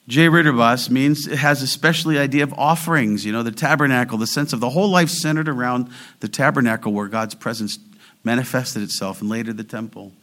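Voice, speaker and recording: A man preaching an expository sermon, driving home key words with emphatic rises and reading scripture slowly and deliberately. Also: mid-range voice, fairly bright tone. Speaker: pastor.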